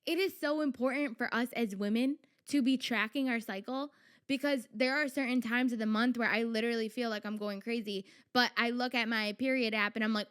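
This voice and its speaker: Young woman rambling on her podcast, smooth clear voice, bit high, lots of "like"s. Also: fairly quick. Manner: chatty, animated, frequent "like" fillers and self-quotes. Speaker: podcast host. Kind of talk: casual solo podcast talk.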